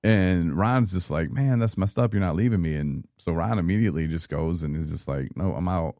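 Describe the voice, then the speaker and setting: A man in his thirties from Michigan, telling his own story in a casual, animated podcast chat and acting out what people said. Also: deep voice, brisk, dry recording, clean studio sound. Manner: animated, laughing, acts out quoted people. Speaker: podcast guest.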